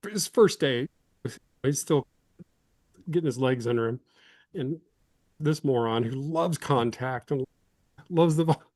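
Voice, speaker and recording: A former lineman in his fifties, originally from Illinois, rambles through his stories with easy self-deprecation. His voice sits at an ordinary male pitch and comes across dry and close, with no room around it. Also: measured pace, pauses often, a little mellow, dry recording. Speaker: guest, former college football lineman. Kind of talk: casual interview storytelling.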